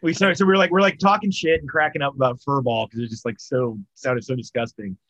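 A man's voice: mid-range voice, steady tone, quick pace, fairly bright tone, no room sound, highs cut off. A man telling a long story in casual, profane chat, full of fillers and restarts. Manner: rambling and profane, with lots of fillers. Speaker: storyteller among friends.

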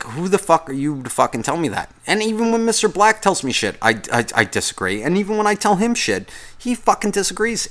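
A man's voice: sits high, a bit bright. A man hosting a podcast, talking in a casual, rambling, profane monologue full of complaints. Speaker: podcast host.

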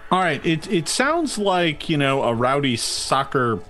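A man's voice: on the high side, sing-song, a little slow, a bit bright, soft background music. A man narrating as game master of a tabletop game, hesitant and full of restarts. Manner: hesitant, many ums and restarts.

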